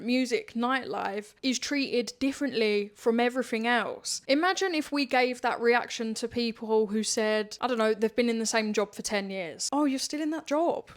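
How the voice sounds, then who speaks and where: Woman, 30s, podcast host, chatty and candid, slightly high pitch, laughs a lot. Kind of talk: casual monologue to listeners.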